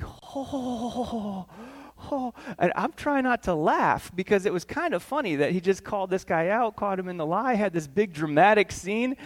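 A man preaching a sermon, telling a family story with acted-out voices and questions to the congregation. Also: high-pitched. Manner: animated, acts out voices, asks the room questions. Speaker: pastor.

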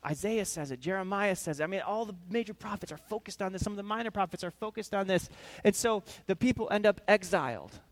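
A man preaching a sermon with a high-pitched voice, telling the story with lively, dramatic energy. He acts out moments as he goes and slows down to land his key points. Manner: animated storytelling, acting out scenes.

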